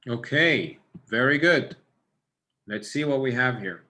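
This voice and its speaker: A man's voice: medium pitch, expressive, unhurried, bright, forceful tone. A man with an Egyptian accent teaching an online test-prep class, encouraging and reading out students' answers. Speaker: SAT tutor.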